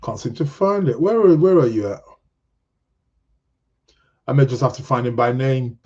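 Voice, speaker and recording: A man's voice: mid-range voice, lively intonation, normal speed, a little mellow, dull audio. A man hosting an astrology podcast, chatting casually and reading out viewer comments in a rambling, joking way. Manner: rambling, jokey, self-interrupting.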